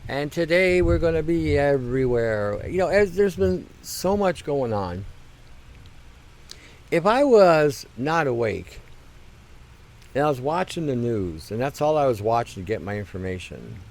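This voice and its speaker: A man's voice: medium pitch, big pitch swings, measured pace. A man hosting his own online show, delivering a blunt, combative rant full of crude language and swearing. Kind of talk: blunt ranting monologue.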